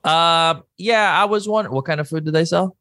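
Man playing a nervous, halting caller in a higher, bright voice, fumbling his order. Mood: hesitant. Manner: halting, unsure, full of ums. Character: hesitant out-of-town male caller ordering food.

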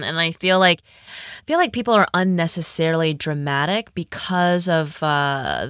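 A woman hosting a casual talk, speaking softly and affirmingly with a spiritual bent. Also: deep voice, dry recording, studio quality. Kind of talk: casual podcast conversation.

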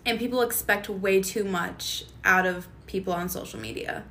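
A woman's voice: mid-range voice, moderate pace, hardly any pauses, fairly bright tone, a little hiss or hum. A young woman co-hosting a podcast, chatting casually in a blunt, opinionated way and laughing between remarks. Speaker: podcast co-host. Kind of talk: casual chat.

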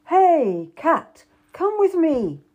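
A woman's voice: on the high side, sing-song, unhurried, darkish tone, dull audio. A woman voicing an arrogant, charming young male nobleman who coaxes and gives orders. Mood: coaxing. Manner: coaxing, commanding.

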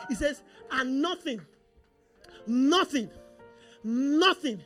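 A pastor delivers a sermon in a high, ringing voice. The preaching is animated and repetitive, full of call-and-response lines, with faint music underneath. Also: moderate pace.

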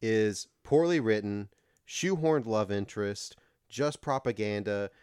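A man's voice: fairly low pitch, unhurried, darkish tone, clear, resonant tone, no echo, clean studio sound. A man co-hosting a casual movie review podcast, blunt and jokey, often quoting characters in silly voices. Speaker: podcast co-host.

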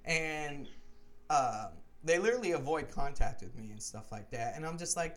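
A man's voice: a little high, animated, normal speed. A young man co-hosting a casual podcast, ranting heatedly with lots of swearing. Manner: heated, profane, rising to shouts when retelling arguments. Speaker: podcast co-host.

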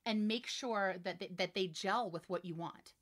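A woman in her forties, a voiceover artist and director, chatting in an interview with lively, emphatic energy and frequent laughs. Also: medium pitch, moderate pace. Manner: animated, laughing, emphatic storytelling. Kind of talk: casual interview chat.

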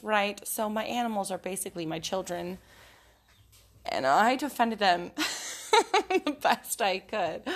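A woman's voice: mid-range voice, a bit bright. A woman, chatting casually to her viewers from a porch outdoors, swearing freely and laughing often. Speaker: vlogger. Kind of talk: casual chat.

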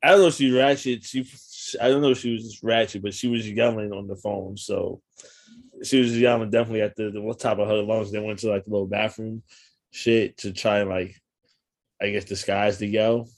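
A man's voice: on the low side, fairly even intonation, brisk. A man telling stories in casual chat, slangy and laid-back, laughing often.

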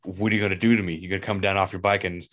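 A man voicing a smug, cocky salesman flirting, quoting a film scene in a quick, quiet reading voice. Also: deep voice, little pitch movement.

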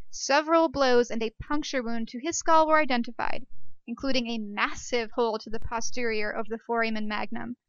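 Chatty high-voiced woman host. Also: a bit bright, smooth, no echo, highs cut off. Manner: chatty and jokey, self-deprecating asides. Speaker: podcast host. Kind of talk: casual educational monologue.

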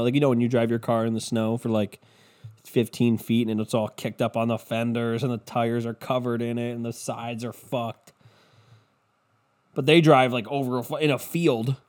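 A male podcast host rants on his own in a loose, comedic way, swearing often. His pitch sits in an ordinary middle range, and his delivery is casual and offhand. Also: steady tone, normal speed. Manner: profane, loose and ranting.

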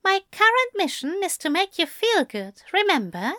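A woman's voice: extremely high pitch, big pitch swings, moderate pace, bright, forceful tone, dry recording, studio quality, pitched above the performer's own voice, heavily acted. A woman voicing a prim, fussy but tender male angel in a storybook reading, with polite, precise phrasing. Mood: gentle, coaxing.

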